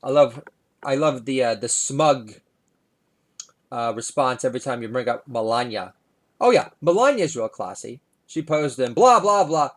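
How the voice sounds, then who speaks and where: A man's voice: mid-range voice, lively intonation, normal speed. A middle-aged man, a comedian hosting his own podcast, delivering a rambling, sardonic monologue full of "uh"s. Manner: sardonic, filler-heavy delivery with frequent "uh".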